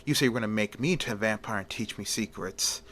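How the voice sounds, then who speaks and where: A man reading aloud and voicing a loyal but jealous male servant of a vampire, talking quietly and low. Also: fast, slight background noise, natural voice. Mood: resentful. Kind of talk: amateur storytelling.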